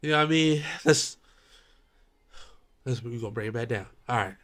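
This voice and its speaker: A man hosting a casual chat, answering in slow, laid-back, slangy remarks. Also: medium pitch, a bit bright.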